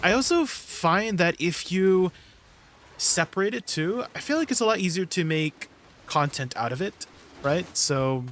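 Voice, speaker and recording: A man's voice: high voice, animated, a little slow, fairly bright tone, a little hiss or hum. A young man streaming live, chatting casually with his viewers and giggling often. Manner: chatty, giggly, reads and answers chat.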